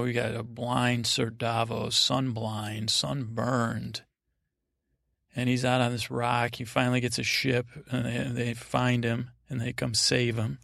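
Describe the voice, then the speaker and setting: A man's voice: mid-range voice, creaky, a bit bright, dry recording, studio quality. A man hosting a podcast, giving a rambling, meandering sleep-aid recap of a TV episode. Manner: meandering, digressive retelling. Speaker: podcast host.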